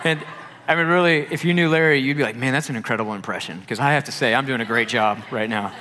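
A young adult man, a youth pastor, preaching a sermon and telling a personal story with animated delivery, acting out the voices of the people he quotes. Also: medium pitch, quick pace, a little hiss or hum. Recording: long hall reverb.

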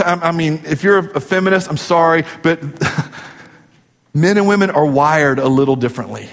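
High-voiced man preaching in a reverberant hall. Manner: conversational and joking, acts out quoted voices. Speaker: pastor. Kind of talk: sermon.

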